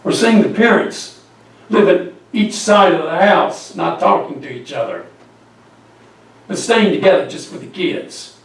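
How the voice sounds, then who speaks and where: A man's voice: sits high, lively intonation, unhurried. A man preaching a sermon, telling a story and asking the congregation questions. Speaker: pastor. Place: church sanctuary. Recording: echoey church hall from far off.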